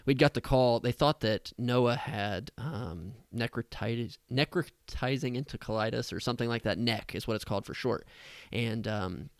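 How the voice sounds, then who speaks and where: A man's voice: medium pitch, moderate pace, no echo. A man who is an associate pastor, a guest on a podcast, earnestly sharing a personal story in conversation. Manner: earnest, heartfelt, speaks openly about emotion.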